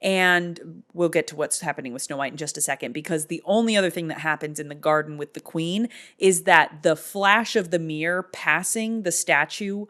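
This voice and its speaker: A woman in her thirties with a lowish voice talks through a movie's plot. She is chatty and amused and rambles a little. Her tone is casual and conversational. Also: normal speed, hardly any pauses, a bit bright. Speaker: movie recap vlogger.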